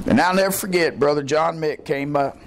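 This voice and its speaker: A man preaching a sermon as pastor, telling folksy stories and climbing into excited high bursts. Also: fairly quick, a little hiss or hum. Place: church.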